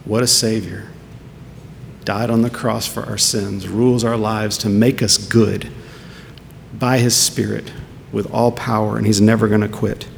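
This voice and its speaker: A man's voice: flat delivery, unhurried, vocal fry. A man preaching a sermon as pastor, earnest and full of rhetorical questions. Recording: long hall reverb with faint rumble.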